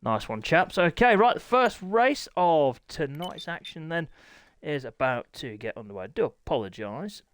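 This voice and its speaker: A man's voice: fairly high pitch, very animated, normal speed, smooth, dry recording. Young male host, harried and apologetic, streaming a racing league to chat, close dry sound. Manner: harried, apologetic, talking to chat while setting up. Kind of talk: live-stream chat to viewers.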